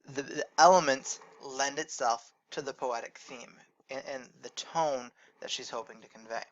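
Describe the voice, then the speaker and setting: A man teaching a recorded lecture, explaining in a measured way and correcting his own slips as he goes. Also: medium pitch, a bit bright, highs cut off.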